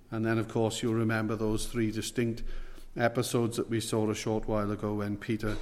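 A man preaching a sermon, earnest, stressing words slowly and asking rhetorical questions. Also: on the low side, level tone. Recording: long hall reverb.

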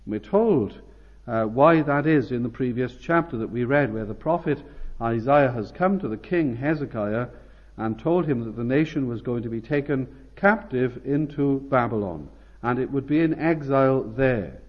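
Man preaching a sermon, measured delivery, mid-pitched voice, dull lo-fi recording. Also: expressive. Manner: measured, rises sharply on quoted calls. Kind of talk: expository sermon.

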